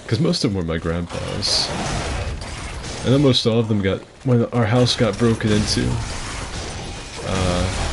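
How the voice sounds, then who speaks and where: A young man in his twenties rambles through casual game-stream chatter at home, swearing freely and keeping his voice low so he won't wake anyone. His voice sits very low with a gravelly fry. Steady noise hisses underneath. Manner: rambling, chatty storytelling with swearing, kept fairly quiet. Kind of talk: casual gameplay commentary.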